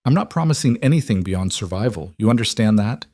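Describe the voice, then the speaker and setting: A man's voice: lowish voice, lively intonation, fairly quick, dark tone, no echo, clean studio sound. A man voicing a ruthless male mafia boss, speaking coldly and tightly. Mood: cold guarded. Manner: cold, tight.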